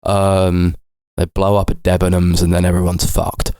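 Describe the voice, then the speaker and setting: A man's voice: sits low, completely flat delivery, normal speed, dark tone, clean tone, no echo, studio quality. A young man co-hosting a podcast, chatting loosely about films, rambling and swearing, and sometimes slipping into silly voices to act out what the characters say. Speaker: podcast co-host. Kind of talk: casual film chat.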